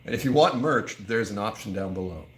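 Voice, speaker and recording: Casual and joking, the American man hosting the whiskey livestream reads his viewers' comments from inside a whiskey bar. He has a fairly low, fairly bright voice with lively intonation and a brisk pace.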